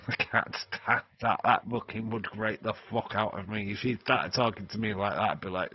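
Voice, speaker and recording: A man's voice: lowish voice, normal speed, husky, no room sound, muffled recording. A man with a Yorkshire accent hosting a casual, joking livestream and chatting to viewers with plenty of swearing. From Yorkshire, England. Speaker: wrestling stream host.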